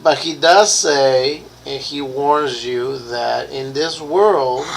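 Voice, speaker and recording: Running a tabletop horror game, a man speaks slowly in a gravelly, mid-pitched, fairly bright voice. He halts often to search for words, filling gaps with ums and uhs. The low-quality recording carries a faint hiss.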